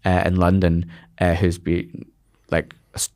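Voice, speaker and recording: Scottish male comedian guest, lower voice, rambling anecdotal chatter. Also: completely flat delivery, a little mellow. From Scotland. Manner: rambling storyteller with quick restarts. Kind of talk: casual anecdotal chat.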